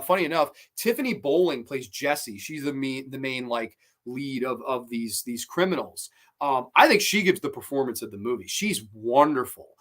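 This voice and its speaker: A man hosting a horror movie review show, chatting casually, swearing freely and retelling scenes with excitement. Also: on the high side.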